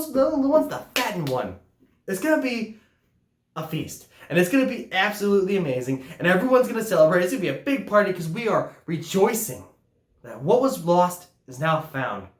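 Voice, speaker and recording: A woman preaching a sermon in a lively, conversational way. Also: mid-range voice, roomy sound.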